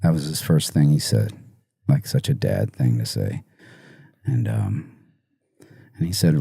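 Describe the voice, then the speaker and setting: Musician guest, man, low and very dark voice, halting and choked up, dry close sound. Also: expressive, gravelly, breathy edge, dry recording. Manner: halting, soft-spoken, many fillers and restarts. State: emotional, choked up. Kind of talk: podcast interview.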